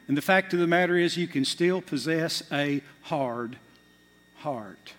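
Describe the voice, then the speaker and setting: A male pastor delivers an impassioned sermon in a somewhat high voice. He swings between loud, urgent bursts and quiet, hushed asides. The sound carries a long reverb from the large church hall. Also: unhurried. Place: church sanctuary.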